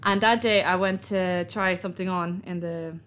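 A woman co-hosting a podcast in casual chat, telling animated stories and acting out other people's voices with laughter. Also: lowish voice, normal speed, a little hiss or hum. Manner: animated storyteller, acts out voices with loud laughter. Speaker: podcast co-host.

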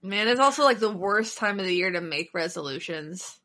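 Woman, bright forceful tone, playful casual podcast chat, quick asides. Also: mid-range voice, expressive. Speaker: podcast co-host.

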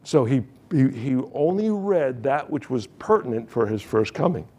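A pastor preaching a sermon, reading scripture and retelling it with joking asides. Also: male voice, mid-range voice, sing-song, normal speed, mellow, breathy edge.

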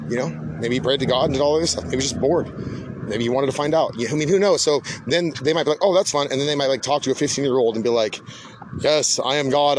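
A man's voice: mid-range voice, background noise. A man hosting a podcast in a rambling, casual monologue, laid-back and swearing often, calling people "dude". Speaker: podcast host.

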